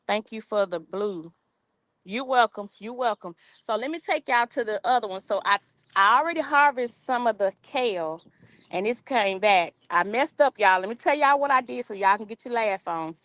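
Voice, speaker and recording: A woman's voice: a little high, animated, moderate pace, fairly bright tone, dry recording. A woman hosting a gardening live stream outdoors in her backyard, chatting casually and reading viewer comments aloud. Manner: chatty, reads viewer comments aloud, informal dialect with y'all. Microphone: phone camera on a tripod.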